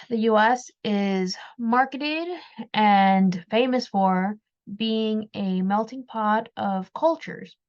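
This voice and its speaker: Slow, gravelly-voiced woman commentator. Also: medium pitch, highs cut off. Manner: measured, thoughtful, repeats words while thinking. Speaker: commentary video host. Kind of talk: reflective opinion commentary.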